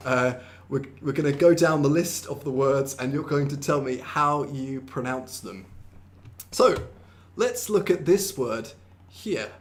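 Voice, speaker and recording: A young man hosts a live online English lesson, playful and laughing often, switching into quick Korean explanations. As teacher and host, he speaks at a medium pitch and sounds animated.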